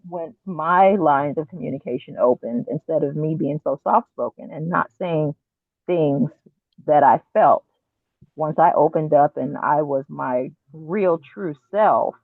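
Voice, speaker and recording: A woman guest speaks frankly and reflectively, slipping into lively quoted asides when she recalls what she once said. Her voice carries a gravelly rasp. It reaches us through a thin, tinny phone line with no room sound at all. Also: sits low, measured pace, dry recording. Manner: earnest, reflective, quotes herself with animated asides. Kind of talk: candid conversational storytelling.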